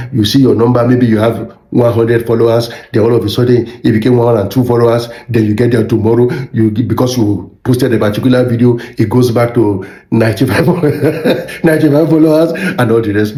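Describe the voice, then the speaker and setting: A man's voice: mid-range voice, warm tone. A middle-aged Nigerian man with a Nigerian accent, a minister giving an earnest, preacherly motivational talk that repeats phrases for emphasis. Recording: echoey room.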